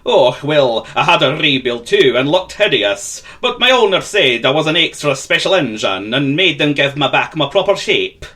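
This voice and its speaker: A man's voice: fairly high pitch, sing-song, normal speed, hardly any pauses, sharp tone. A man voicing a proud, kindly old male express engine, talking in a hearty, confiding way.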